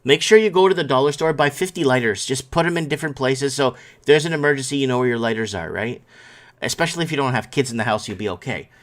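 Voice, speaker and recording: A man's voice: mid-range voice, quick pace. A man hosting a casual live stream, rambling over news stories and reading chat comments, sleepy and yawning. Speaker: host.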